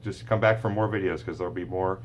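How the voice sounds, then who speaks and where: A man who works as a speech therapist, giving a relaxed, chatty talk to parents with many fillers and restarts. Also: sits low, quick pace, dull audio, a little hiss or hum. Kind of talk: informal teaching talk to parents.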